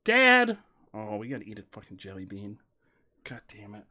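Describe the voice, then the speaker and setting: A man streaming casually, joking and rambling through an improvised silly story, swinging from mumbles to loud bursts. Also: fairly low pitch, flat delivery, fairly quick, a little hiss or hum.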